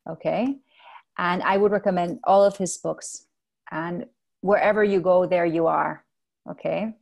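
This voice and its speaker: A woman whose first language is Spanish, chatting gently in an interview about mindfulness, pausing often to correct herself. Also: fairly low pitch, fairly even intonation, gravelly. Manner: thoughtful, self-correcting, gentle. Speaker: guest, mindfulness mentor. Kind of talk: casual interview chat.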